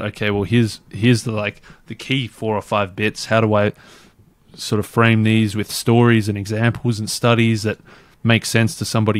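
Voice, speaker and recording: A man's voice: fairly low pitch, dry recording. A man guest on a podcast, talking casually and rambling with lots of fillers and restarts. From Australia. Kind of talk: casual interview chat.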